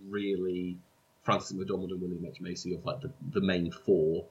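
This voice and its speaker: A man co-hosting a film podcast, talking quickly in a casual, filler-heavy way. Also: low-pitched, level tone, darkish tone. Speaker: podcast co-host. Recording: dull lo-fi mic.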